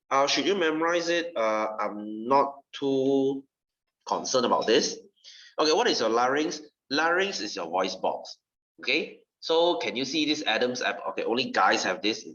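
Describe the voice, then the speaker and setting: Chatty tutor with a Singaporean accent. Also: male voice, mid-range voice, a bit bright. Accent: Singaporean English. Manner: chatty, repeats "okay" constantly. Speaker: science tutor. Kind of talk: classroom lesson. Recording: dull, slightly distant classroom mic.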